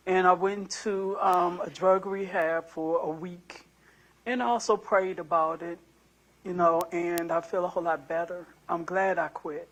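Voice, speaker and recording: A woman in her sixties, a prospective juror, answering questions in a courtroom in an earnest, soft-spoken, apologetic way. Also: fairly low pitch, steady tone, measured pace. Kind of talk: answering jury selection questions.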